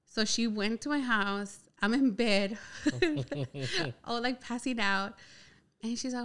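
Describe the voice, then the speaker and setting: A young woman casually telling a personal story, chatty and animated, with a lot of "like" filler. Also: a little high, slow pace. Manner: chatty, heavy use of "like" filler, animated retelling.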